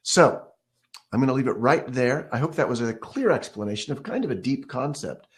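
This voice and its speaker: A man's voice: mid-range voice, brisk. Man teaching ukulele, counting beats. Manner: relaxed, explains step by step, counts beats aloud and scats rhythms. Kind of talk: casual music lesson. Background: ukulele playing.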